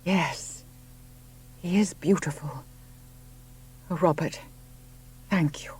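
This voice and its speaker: A man reading the part of an impulsive young pregnant woman who exclaims and shouts when upset. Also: fairly high pitch, slow pace, slightly rough, pitched above the performer's own voice, exaggerated voice. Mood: wondering. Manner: exclamatory, raising her voice to a shout.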